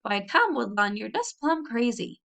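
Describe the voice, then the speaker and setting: A woman's voice: a little high, big pitch swings, measured pace, vocal fry, fairly bright tone, pitched above the performer's own voice, heavily acted. Brief: small tattletale farm girl, emphatic and indignant, voiced by a woman reader.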